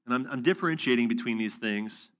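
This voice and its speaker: A man's voice: medium pitch, fast, a bit bright. A man teaching at a faith conference, telling stories in a casual, conversational way with fillers and asides. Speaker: preacher.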